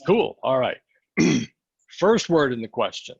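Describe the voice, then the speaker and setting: Gravelly man coaching with a hoarse voice. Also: mid-range voice, very animated, slow, no room sound, lo-fi sound. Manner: coaching, asks the group questions. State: losing his voice, clearing throat. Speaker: sales mindset coach. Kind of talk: training session talk.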